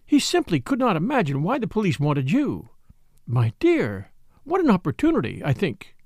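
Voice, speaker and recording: A man putting on a gushing high-voiced society lady. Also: wildly swooping pitch, normal speed, a little mellow, dry recording, clean studio sound, heavily acted. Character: gushing scheming society lady, middle-aged.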